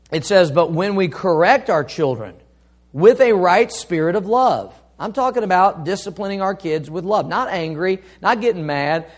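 A man preaching a sermon as pastor, emphatic, swinging up and down for effect and reading scripture slowly. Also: high voice.

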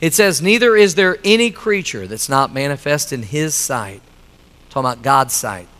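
A man's voice: fairly high pitch, lively intonation, normal speed, bright, forceful tone, in a large hall. A middle-aged male pastor preaching a sermon, emphatic and repetitive, telling a story for a laugh. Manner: emphatic, repeating lines, telling a joke story. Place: church sanctuary.

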